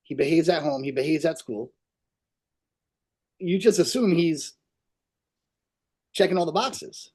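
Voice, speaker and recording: A man co-hosting a podcast, speaking in relaxed casual chat. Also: on the high side, a little slow, long pauses, breathy edge. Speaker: podcast co-host.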